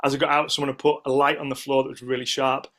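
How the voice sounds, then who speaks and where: A middle-aged Englishman chatting as a podcast guest, telling animated stories in a voice of ordinary pitch. He rambles, restarts his sentences and acts out what other people said. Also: fast talker. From United Kingdom. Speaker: guest, ice sculptor. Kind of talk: casual interview storytelling.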